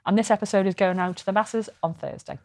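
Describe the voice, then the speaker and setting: A woman's voice: mid-range voice, steady tone, quick pace, dry recording. Chatty woman, dry sound. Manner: chatty and rambling, swears freely. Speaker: podcast co-host. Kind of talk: casual chat.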